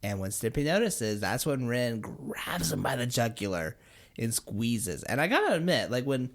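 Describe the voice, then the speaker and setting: A woman co-hosting a podcast in casual chat, expressive and recounting scenes. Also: very deep voice, normal speed. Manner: expressive, swings into voices for quotes. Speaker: podcast co-host.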